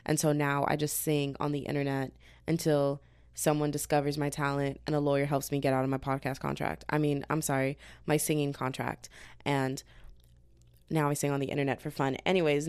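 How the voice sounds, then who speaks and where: Gravelly-voiced woman ranting on a podcast. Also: low voice, no echo. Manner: slangy, exasperated ranting. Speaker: podcast host. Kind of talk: casual solo rant. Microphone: podcast mic.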